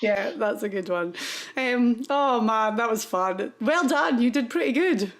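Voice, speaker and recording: A woman's voice: a little high, expressive, a little slow. A Scottish woman from Scotland co-hosting a casual chat, teasing and laughing often. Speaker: co-host.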